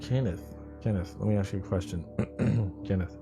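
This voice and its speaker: Teasing his viewers with jokes and swearing, a livestream host rambles through a laid-back morning stream. He has a deep voice at a normal speed, and faint music plays behind him.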